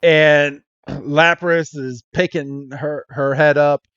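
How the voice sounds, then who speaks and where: A man's voice: a little high, fairly even intonation, slow pace, fairly bright tone, smooth, dry recording, highs cut off. A man co-hosting a podcast, casually recapping a cartoon episode, laughing often and acting out quoted lines. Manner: laughs often, retells scenes in quoted voices. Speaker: podcast co-host.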